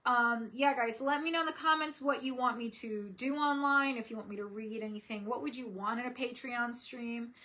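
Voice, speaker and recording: A young woman chats through a casual live stream from home, reading viewer comments aloud and laughing easily. Her voice sits a little high and sounds bright and clear. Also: steady tone, normal speed, few pauses. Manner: chatty, giggly, reads viewer comments aloud. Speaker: streamer host.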